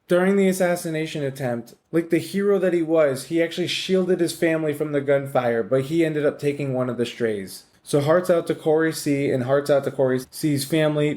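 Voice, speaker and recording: A man hosting his own podcast, talking in a rambling, casual monologue full of swearing and wisecracks. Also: on the high side. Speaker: podcast host.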